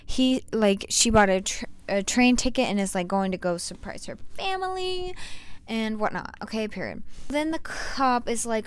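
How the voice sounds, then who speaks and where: A woman's voice: medium pitch, animated, normal speed, smooth. A young woman recapping a book in a slangy, rambling way with sarcastic asides. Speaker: book reviewer. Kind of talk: casual book review vlog.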